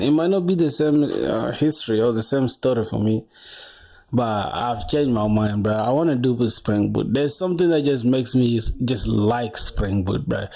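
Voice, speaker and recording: A man's voice: medium pitch, normal speed, vocal fry, a little mellow. A young man casually chatting on a coding livestream, rambling and reading viewer comments aloud, calling everyone bro. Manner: chatty, rambling, says bro a lot, reads chat aloud.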